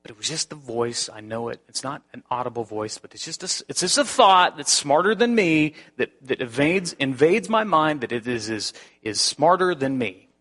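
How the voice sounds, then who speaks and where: Bright-voiced preacher telling a story. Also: male voice, a little high, moderate pace, hardly any pauses. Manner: animated storytelling with many restarts. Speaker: pastor. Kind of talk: sermon.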